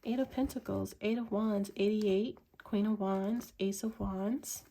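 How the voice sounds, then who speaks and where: Woman, tarot reader, mellow warm tone, unhurried musing, lots of ums and likes. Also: mid-range voice, steady tone. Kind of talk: tarot reading to camera.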